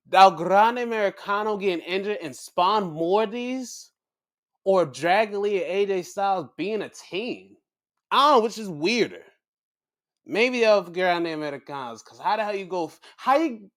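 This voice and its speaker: A man hosting a podcast, recapping matches in casual, profane talk and acting out quotes in a high voice. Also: a bit bright. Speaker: podcast host.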